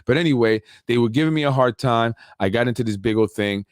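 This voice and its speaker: A man hosting a talk show, telling a story in a casual, animated way with street slang and repeated points. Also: medium pitch, quick pace, clean tone, no room sound, clean studio sound. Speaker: show host.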